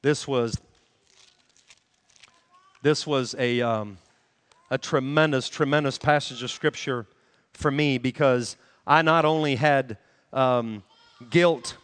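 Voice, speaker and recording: A man's voice: medium pitch, slow, long pauses, a bit bright, smooth. A man preaching a sermon on a handheld microphone, earnestly asking the congregation questions. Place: church hall. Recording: long hall reverb.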